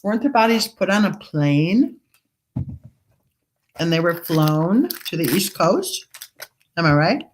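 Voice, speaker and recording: A woman's voice: fairly low pitch, very animated, slow, pauses often, slight background noise. A woman hosting a casual true crime livestream, reading viewer comments aloud and questioning the story, talking while she eats. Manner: skeptical, questioning. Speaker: true crime channel host.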